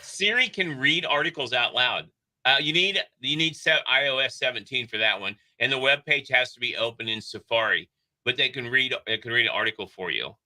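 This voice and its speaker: A man co-hosting a radio show, chatting casually and teasing his co-host with deadpan jokes. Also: medium pitch, fairly quick, low-quality recording. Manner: joking, teasing deadpan asides. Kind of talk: casual morning radio banter. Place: radio studio.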